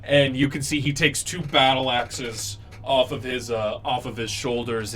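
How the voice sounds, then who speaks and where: A man's voice: mid-range voice, steady tone, measured pace, few pauses, fairly bright tone, soft background music. A man running a tabletop game as dungeon master, patiently explaining the rules and narrating the scene, with many fillers along the way.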